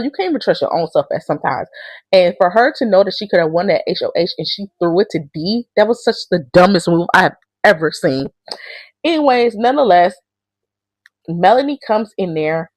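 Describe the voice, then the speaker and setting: A woman's voice: mid-range voice, normal speed, no echo. A woman talks through the week's reality show drama in a casual, unfiltered way and swears freely. Her voice rises and falls a lot while she tells the story. The sound is close and dry, with no room around it. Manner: blunt, profane, animated storytelling. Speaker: reality show recap host. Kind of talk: casual recap commentary.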